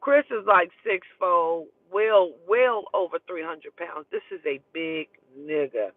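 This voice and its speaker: A woman's voice: lowish voice, slow, no echo. A woman telling a story in a casual, profane and emphatic way. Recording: tinny phone line, dry.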